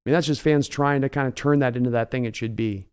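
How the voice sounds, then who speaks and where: A live stream host with a medium-pitched, slightly mellow voice and clean tone chats quickly and rambles through a reaction stream. Along the way he reads donor messages aloud.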